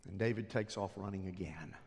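A man preaching a sermon, retelling a story with animated delivery and dramatic drops to near whispers. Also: low voice, a little fast, breathy edge, big-room sound.

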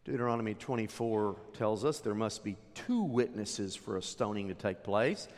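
A man preaching a sermon, retelling a scripture story with animated, dramatic delivery. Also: on the low side, normal speed. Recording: echoey hall reverb.

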